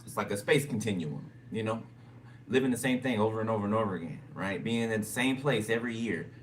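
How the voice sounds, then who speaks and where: On a distant mic with background noise, a fast-talking man with a lowish voice gives a relaxed tarot reading, repeating phrases as he thinks aloud and frequently asking "okay?"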